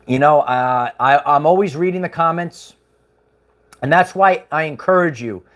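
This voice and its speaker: A man's voice: fairly high pitch, moderate pace, a bit bright. A man hosting a livestream, chatting casually in a rambling way with chuckles and many fillers. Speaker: livestream host.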